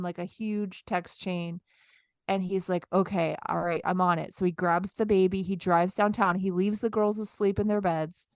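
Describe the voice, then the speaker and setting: A woman's voice: medium pitch, dry recording, clean studio sound. A woman in her thirties, co-hosting a podcast, telling a story in casual chat and acting out her own lines. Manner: animated, acts out her own lines in quotes. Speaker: podcast co-host.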